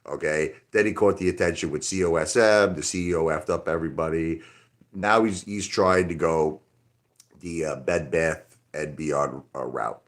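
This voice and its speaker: Low-voiced man rambling on a livestream. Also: steady tone, moderate pace. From Brooklyn, New York. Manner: rambling, talks straight to chat. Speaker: livestream host. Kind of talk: casual livestream chat.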